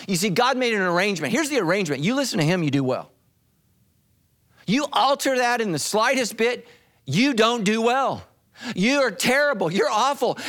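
A man preaching a sermon as pastor, dramatic and animated, acting out voices as he tells the story. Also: high voice.

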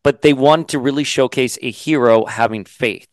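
A male host chatting casually in an interview, lively and quick to mock characters in put-on voices. His voice is smooth and resonant, recorded close and dry. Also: medium pitch, no echo. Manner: animated, swears, does mocking voices. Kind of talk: casual video-call interview.

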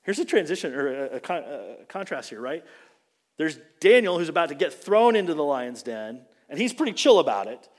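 Man, pastor, sermon, animated storytelling, fairly high voice, long hall reverb. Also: brisk. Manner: animated storytelling, acting out quotes.

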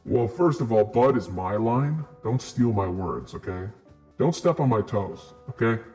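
A man playing a swaggering robot priest, an iron golem who boasts of drinking and fighting. His voice runs low, and faint music plays behind. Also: expressive, unhurried, a little mellow, breathy edge. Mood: cocky. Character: cocky male iron golem priest, brawler.

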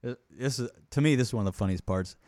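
A man's voice: mid-range voice, fast talker, darkish tone, no echo, clean studio sound. A man hosting a podcast in casual chat, laughing often and retelling movie scenes. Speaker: podcast host.

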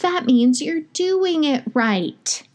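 A woman's voice: sits high, lively intonation, slow, a little mellow, voice pushed up. A woman voicing a kind South African woman midwife, with a soothing, affectionate manner and a South African accent. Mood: reassuring.

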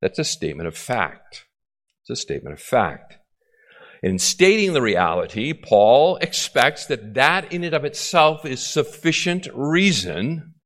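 A man's voice: mid-range voice, a bit bright. A male pastor preaching an expository sermon, often repeating key phrases and checking in with the congregation.

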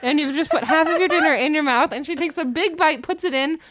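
A woman co-hosting a podcast in casual chat, telling stories about her partner in a teasing, animated way. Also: sits high, fast talker, dry recording. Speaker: podcast co-host.

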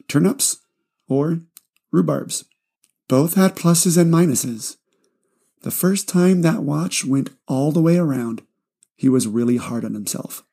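A man telling a story and then talking through life advice in a relaxed, chatty way. His voice sits a little high and has a gravelly edge. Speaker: self-help storyteller and host.

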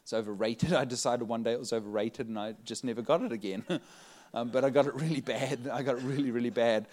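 A man preaching a sermon, telling a story to his audience in an animated way, laughing often and raising his voice as he gets excited. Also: medium pitch, fast.

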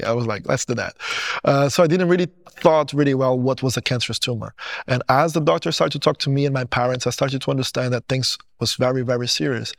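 Earnest man with a gravelly, dry voice. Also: mid-range voice, no room sound. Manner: earnest, retelling dialogue, restarts phrases. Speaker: testimony speaker. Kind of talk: personal testimony storytelling.

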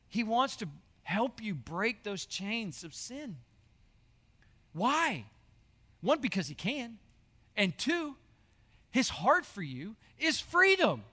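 A man, a high school pastor, preaching an earnest sermon that repeats its key lines. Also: sharp tone, long reverb tail. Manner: earnest, repetitive preaching, addresses listeners as y'all.

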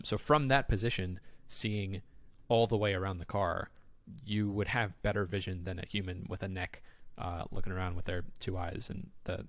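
A man's voice: fairly low pitch, vocal fry, fairly bright tone, no room sound. A man co-hosting a podcast in casual chat, rambling enthusiastically with many fillers and restarts.

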